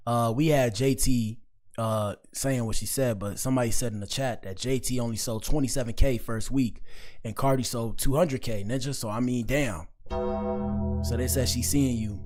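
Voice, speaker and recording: Male commentary host, mid pitch, casual and slangy, lots of interjections. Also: steady tone, moderate pace, a little mellow, faint music behind. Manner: slangy, exclaiming, breaks in with asides. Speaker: host reacting to clips.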